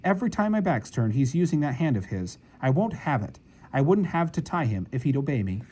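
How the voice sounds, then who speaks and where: A man reading aloud, voicing a strict older schoolteacher woman, sharp and insistent, in an audiobook. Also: medium pitch, big pitch swings, a little fast, husky. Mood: indignant.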